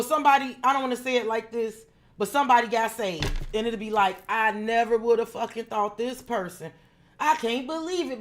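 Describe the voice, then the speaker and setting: Lady doing live tarot reads, kinda high voice, chatty, cusses a lot, calls folks by name. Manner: chatty, frank, swears freely; talks straight to viewers by name. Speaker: tarot reader. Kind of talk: live-stream tarot reading.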